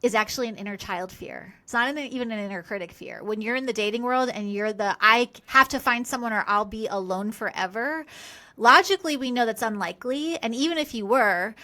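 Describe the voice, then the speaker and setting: Woman podcast guest, bright punchy voice, kinda high, candid and quick, goes off on tangents then reins it back. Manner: candid, quick, self-deprecating, digresses. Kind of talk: casual podcast conversation.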